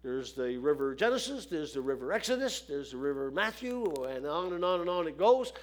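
A man's voice: a little high, big pitch swings, a little fast. A man preaching a sermon, folksy and repeating phrases for emphasis.

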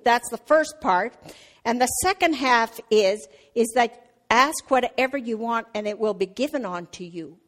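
Middle-aged woman preaching, slightly high voice, chatty delivery with fillers, gets loud in stories. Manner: conversational, with fillers and restarts; gets loud and animated telling a family story. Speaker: church speaker. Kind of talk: sermon.

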